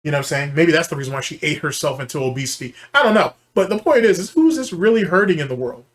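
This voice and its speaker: A man's voice: a little high, lively intonation, fast. Angry ranting male commentator. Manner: heated, profane, scornful ranting. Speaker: commentary channel host. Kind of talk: reaction commentary rant.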